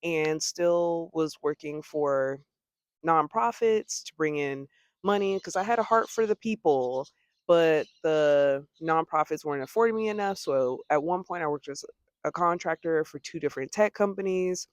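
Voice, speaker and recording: A young American woman talking casually to the camera in a vlog, chatty, with laughing asides and lively quoting of her own thoughts. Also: deep voice, moderate pace, no echo, clean studio sound. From United States. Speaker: vlogger. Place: home abroad.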